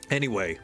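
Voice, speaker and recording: A man's voice: mid-range voice, a bit bright. A man streaming live, in casual chat and ranting with exasperation. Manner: exasperated, venting rant. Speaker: streamer and animator.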